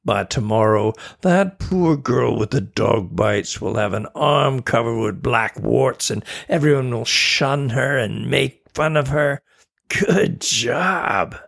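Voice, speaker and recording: A man voicing a small, sneering male imp who gloats in slow, mocking taunts. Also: medium pitch, vocal fry, fairly bright tone, exaggerated voice. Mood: gloating.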